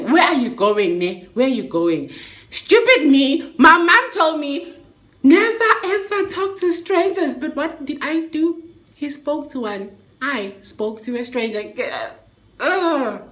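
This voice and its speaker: A young woman tells a story in a chatty, expressive vlog style, full of slang and swearing. Her voice sits high and bright. The room around her is echoey. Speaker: vlogger.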